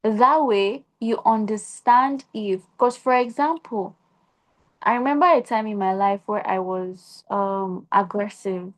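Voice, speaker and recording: A young Nigerian woman talks earnestly on a podcast, giving relationship advice in a casual way. She keeps asking rhetorical questions to make her point, and her voice sits at an ordinary middle pitch. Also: a little slow.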